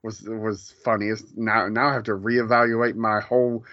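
Low-voiced man chatting on a podcast. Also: level tone, normal speed, pushed and bright, no echo. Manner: rambling, chuckling as he recounts scenes. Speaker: podcast co-host. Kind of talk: casual chat. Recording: slightly dull, dry podcast audio.

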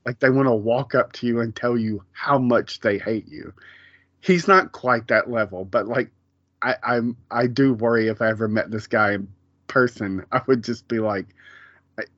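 A man's voice: mid-range voice, fairly even intonation, normal speed, a bit bright, dry recording, highs cut off. A man co-hosting a podcast, chatting casually in a rambling way with many fillers and restarts. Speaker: podcast co-host. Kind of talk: casual chat.

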